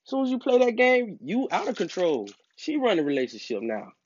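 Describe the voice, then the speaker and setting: A man's voice: high-pitched, huge pitch swings, brisk. A man giving dating advice to other men in a casual monologue, emphatic and preachy, with streetwise slang. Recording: dull lo-fi recording.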